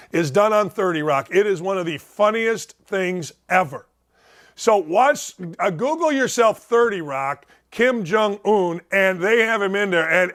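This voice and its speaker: Ranting sports talk host, man, high for a man, blunt and sarcastic. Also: a bit bright. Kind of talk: opinionated talk-show monologue.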